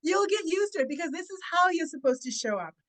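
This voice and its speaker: A woman who coaches public speaking, giving emphatic, deliberate advice as a podcast guest. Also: extremely high pitch, expressive, a bit bright.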